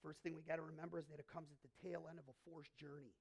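A male pastor delivers a sermon in a church. His voice sits fairly high for a man, with a gravelly fry and a husky edge. He tells stories in an animated, conversational way and often stumbles into restarts. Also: racing. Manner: animated storytelling, frequent restarts.

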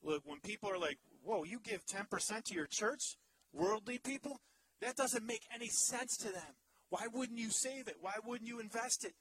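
A male pastor in his thirties preaching a sermon in an animated, humorous way, swinging from loud to hushed. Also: high voice, low-quality recording.

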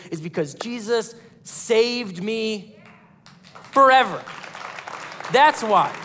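A man preaching a sermon as pastor of a church, animated, acting out quoted voices. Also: high voice, in a large hall.

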